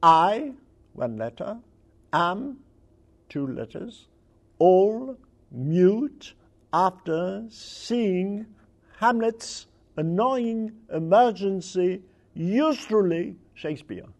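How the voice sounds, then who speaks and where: A man reading examples of literary wordplay aloud to an audience, with a playful and deliberate delivery. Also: high voice, expressive, darkish tone. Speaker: speaker presenting literary wordplay.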